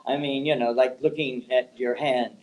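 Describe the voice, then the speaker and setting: Older man, psychic, rambling anecdotes, restarts, mid-pitched voice. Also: steady tone, normal speed, muffled recording. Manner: rambling, repeats words and restarts. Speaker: psychic and palm reader. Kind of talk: anecdotal interview talk.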